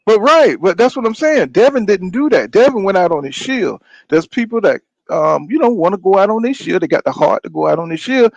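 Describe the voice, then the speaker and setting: A man's voice: high voice, lively intonation, fairly quick, vocal fry, few pauses, a little mellow, no echo. A man hosting a boxing podcast. He talks in a casual, rambling way, gets heated and swears a lot, and keeps saying "you know what I'm saying". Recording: dull, dry lo-fi sound.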